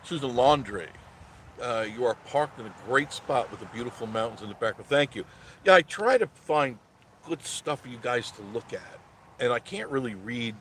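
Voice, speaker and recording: Loud, sarcastic man live-streaming from car. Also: mid-range voice, a little hiss or hum. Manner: loud, ranting and sarcastic, mocking voices. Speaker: live-stream host reading viewer comments. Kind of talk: casual live-stream chat. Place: parked car outdoors.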